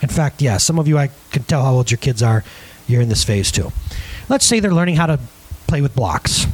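A man preaching a lively sermon on parenting, acting out scenes and asking his audience questions. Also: mid-range voice, a little fast. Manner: animated, acts out scenes in different voices; chatty, asks the crowd questions.

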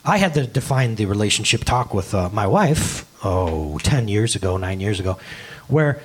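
A man's voice: fairly low pitch, moderate pace, breathy edge. A man in his thirties preaching a sermon as a pastor, talking casually and acting out quotes along the way. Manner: animated, conversational preaching with acted-out quotes.

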